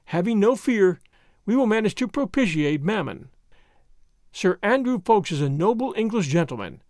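A man voicing an anxious young noblewoman who speaks with strained, forced warmth in a storybook reading. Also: high voice, sing-song, normal speed, no room sound, clean studio sound. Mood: forced cheer. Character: anxious young noblewoman hiding her fear.

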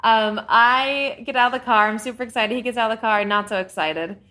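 A woman's voice: a little high, brisk, pushed and bright. A young adult woman chatting casually, chiming in on a shared story and laughing easily.

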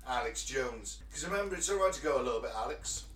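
A man's voice: mid-range voice, lively intonation, quick pace, a bit bright, recorded from a distance. A man hosting a casual comedy podcast, jokey and rambling as he tells stories. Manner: jokey and rambling, with filler restarts. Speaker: podcast host. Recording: echoey room, a bit off-mic.

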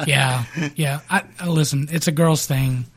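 A man co-hosting a podcast, his voice a touch higher than most. He sounds upbeat and laughs easily. His mic sound is dry and close. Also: steady tone, unhurried, a bit bright, dry recording. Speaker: podcast co-host. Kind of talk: casual podcast chat.

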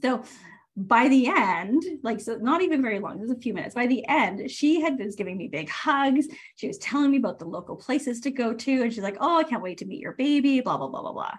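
A woman's voice: on the high side, breathy edge. Chatty woman coach giving a training. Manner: chatty and animated, many fillers and self-corrections, laughs often. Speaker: podcast host and career coach. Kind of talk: casual live training talk.

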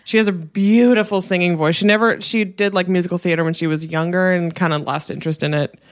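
A woman's voice: fairly low pitch, steady tone, fast. Wry self-mocking woman podcast co-host. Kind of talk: casual chat.

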